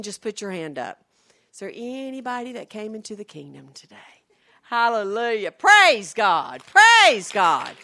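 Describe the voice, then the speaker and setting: In a voice on the high side, a woman preacher from the American South swings between quiet storytelling and loud, shouted outbursts in her sermon.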